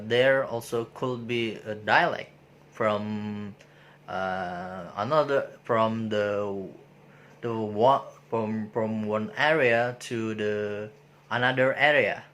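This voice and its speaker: A man giving an informal spoken lecture, pausing often with filler sounds and restarting his sentences. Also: on the low side, fairly bright tone, slight background noise. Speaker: presenter explaining sociolinguistics.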